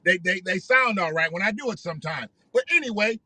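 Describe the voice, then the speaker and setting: A man with a high, piercing voice talks straight into a close microphone in a dry, dead-sounding space. He rambles through casual live-stream commentary, swearing freely and circling back to repeat his points. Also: animated, a little fast, sharp tone, no room sound. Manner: rambling, profane, repeats himself. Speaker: livestream host.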